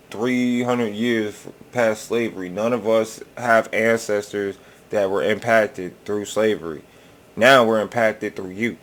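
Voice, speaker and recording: A man's voice: sits low, a little hiss or hum. A man hosting a reaction video, rambling casually and swearing often in a laid-back drawl.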